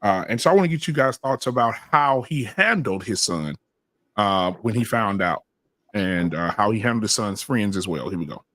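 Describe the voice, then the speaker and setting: A man with a low voice hosting a casual podcast, introducing topics and prompting his panel in a measured way with plenty of "uh"s. The sound is dry and close. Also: animated, fairly bright tone, no echo. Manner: measured, prompting, filler-heavy. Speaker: podcast host.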